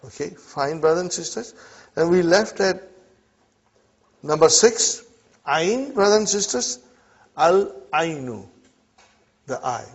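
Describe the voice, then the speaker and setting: A man's voice: high voice, animated, a little slow, vocal fry, long pauses. A middle-aged man teaching an Arabic class, drilling words and asking students "huh?" and "are you with me?". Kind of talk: classroom language lesson. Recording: muffled lo-fi classroom recording.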